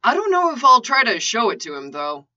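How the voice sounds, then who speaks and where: Woman reading as joking flustered young guy, bright lively voice, dull lo-fi sound. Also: fairly high pitch, brisk, heavily acted. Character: dry-witted young man, former soldier. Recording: lo-fi dull recording.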